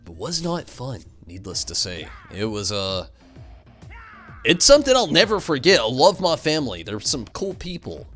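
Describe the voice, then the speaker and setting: A man streaming games, chatting casually and telling rambling, animated stories full of fillers. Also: medium pitch, moderate pace, soft background music. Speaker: game streamer. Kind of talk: casual chat while streaming.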